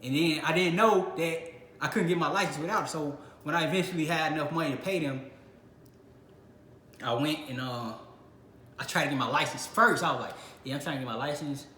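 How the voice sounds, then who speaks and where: A young man from Illinois, hosting his own channel, tells a casual personal story and acts out his reactions along the way. His voice is fairly high, brisk, and sharp-toned. The room is echoey, with faint noise in the background.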